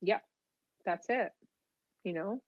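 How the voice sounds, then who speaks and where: A middle-aged woman guest telling her story in an animated, rambling way, full of fillers and restarts. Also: medium pitch, slow, no room sound. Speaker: guest author. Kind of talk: casual storytelling interview. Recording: dull, dry remote audio.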